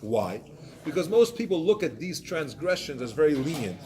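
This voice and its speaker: Guy teaching torah class, kinda high voice, bounces all over the place, acts out examples. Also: normal speed, a crowd in the background. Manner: animated, acts out excuses in voices.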